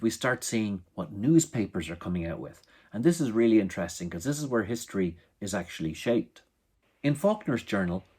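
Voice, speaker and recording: An Irish man lays out a history as a lively, conspiratorial stage lecture, with wry asides. His voice sits low and slightly husky. He keeps leaning on questions and dramatic turns. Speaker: historical entertainer. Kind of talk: storytelling lecture performance.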